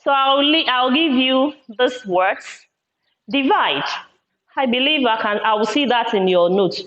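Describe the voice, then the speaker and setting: Slow, deliberate woman teaching a class. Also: high voice, animated, fairly bright tone. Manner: slow, deliberate, repeats words syllable by syllable. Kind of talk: classroom lesson. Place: classroom with a board. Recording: echoey room, dull lo-fi sound.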